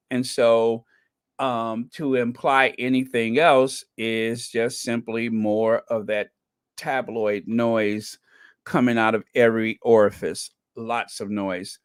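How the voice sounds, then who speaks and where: A man's voice: mid-range voice, clean tone, no echo, clean studio sound. A man hosting a podcast, chatting casually and reading out viewer comments, with frequent ums and uhs and repeated phrases for emphasis. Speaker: podcast host.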